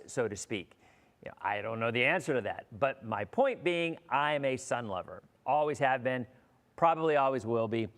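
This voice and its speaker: A middle-aged man from Florida hosts a casual weather livestream, chatting with viewers in a relaxed, rambling way and often restarting his sentences. His mid-pitched voice carries a long hall reverb. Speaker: weather broadcaster and livestream host.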